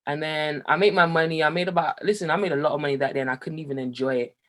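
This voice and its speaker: A young man from Jamaica speaks as an interview guest, sharing a candid personal story. He talks in a lively, animated way, laughing often, and his voice climbs higher and louder as he gets excited. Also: rapid-fire. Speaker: guest, musician.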